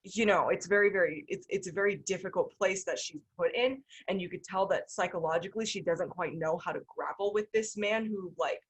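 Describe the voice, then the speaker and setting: Animated woman discussing a film. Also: lowish voice, fairly quick, hardly any pauses, breathy edge. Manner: animated, talks through ideas with many fillers. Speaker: podcast co-host.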